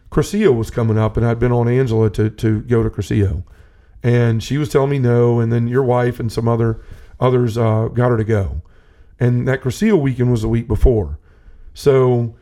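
This podcast host's medium-pitched, mellow voice carries an earnest, rambling faith story told casually. He restarts his thoughts many times as he gives his personal testimony.

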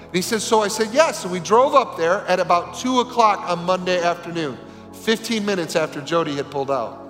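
A male pastor telling a story in a sermon, animated and acting out the voices of the people in it. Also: high-pitched, a little fast. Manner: animated, acts out quoted voices. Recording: reverberant hall with faint music.

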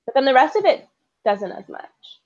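A young woman under the weather, her voice a little stuffy as she chats casually with a friend. Her words come out soft and giggly, full of "like" and half-finished thoughts. The recording sounds a bit dull and lo-fi. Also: high voice, sing-song, moderate pace. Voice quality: soft, giggly, filler-heavy. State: sick, congested. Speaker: podcast co-host. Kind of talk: casual chat.

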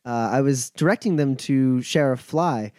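A man's voice: medium pitch, moderate pace, darkish tone, clean studio sound, close to an everyday voice. A man voicing a courteous, slightly apologetic male receptionist at a town hall desk. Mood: polite.

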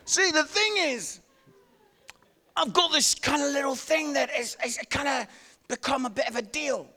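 A man, preaching a sermon with animated storytelling and self-deprecating humor. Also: extremely high pitch, normal speed. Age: 50s.

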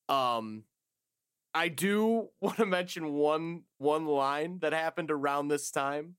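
A man co-hosting a podcast in casual chat, excitable and quick to laugh, swearing freely. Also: a little high, smooth. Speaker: podcast co-host.

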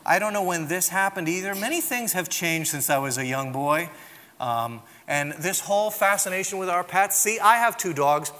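A middle-aged pastor preaching with a high, bright, ringing voice, carried by the long reverb of a large hall. He tells stories about himself in a loose, conversational way and keeps checking in with listeners. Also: moderate pace. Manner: conversational, self-deprecating storytelling with frequent "right?" asides. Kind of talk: sermon with humorous stories.

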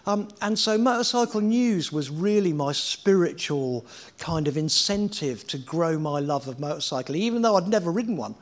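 Middle-aged guy telling rambly stories, swears a lot, kinda high voice, casual chat. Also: normal speed, hardly any pauses. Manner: animated, swearing, laughing anecdotes. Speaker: guest. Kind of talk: casual storytelling interview.

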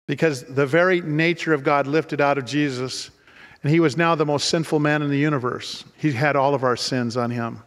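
A man's voice: fairly high pitch, fairly even intonation, normal speed, a bit bright, big-room sound. A man preaching a sermon in an earnest storytelling manner, often repeating words as he restarts. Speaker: pastor.

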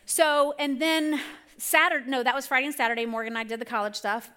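A woman's voice: sits high, fairly even intonation, fast, pushed and bright, clean tone. A middle-aged woman telling a rambling, self-correcting personal story in a church sermon. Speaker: church speaker. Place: church stage.

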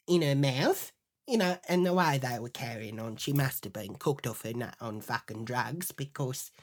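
A woman with a notably low voice tells a comic story for her podcast. She is crude and profane and sounds thoroughly indignant. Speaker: podcast host. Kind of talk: comedic storytelling monologue.

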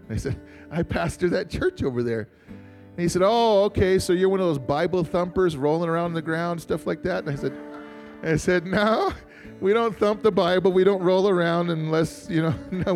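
A man's voice: high voice, a little mellow. A male pastor from Montana telling a personal story in a sermon, chatty and joking, calling on the congregation to answer. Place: church.

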